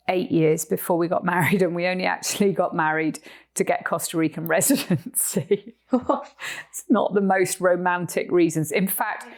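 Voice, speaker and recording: Cornish woman, chatty storyteller. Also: fairly low pitch. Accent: Cornish English. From Cornwall, England. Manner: chatty storyteller, laughs often. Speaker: podcast co-host. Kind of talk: casual chat. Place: sofa in a rented house.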